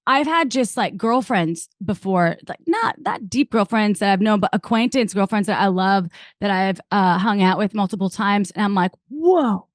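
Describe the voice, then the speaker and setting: A woman hosting a podcast, telling stories in a rambling, animated way with many fillers. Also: mid-range voice, moderate pace, dry recording, studio quality. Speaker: podcast host. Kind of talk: casual podcast chat.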